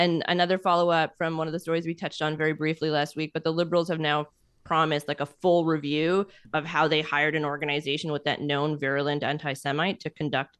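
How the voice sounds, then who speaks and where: A woman's voice: low-pitched, clear, resonant tone, no echo. A Canadian woman co-hosting a podcast, running through headlines in a chatty way with lots of ums and likes. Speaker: podcast co-host. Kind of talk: casual news chat.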